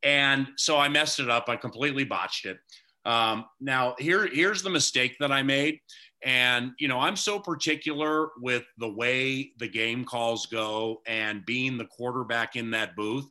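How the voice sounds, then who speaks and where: A man's voice: medium pitch, a little slow, bright, forceful tone. A man who works as a radio play-by-play announcer, frankly owning up to a mistake as an interview guest. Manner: candid, self-critical storytelling.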